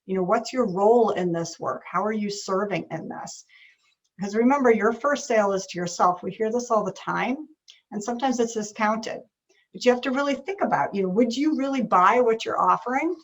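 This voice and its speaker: A woman's voice: fairly high pitch, fairly quick, lo-fi sound. A woman business coach giving a conversational talk on a video call, often checking in with "right?". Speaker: business strategist and leadership coach.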